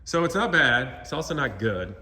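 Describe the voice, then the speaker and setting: A man who runs his own car channel walks through his shop while sick, rambling candidly and addressing viewers as "you guys" in a casual vlog walkthrough. His medium-pitched voice is very animated, bright, and forceful at a normal pace, with slight background noise.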